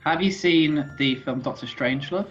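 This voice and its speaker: A woman's voice: low-pitched, normal speed, faint music behind. A woman co-hosting a casual drawing game, playful and cheeky, often laughing. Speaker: co-host. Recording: dull lo-fi recording.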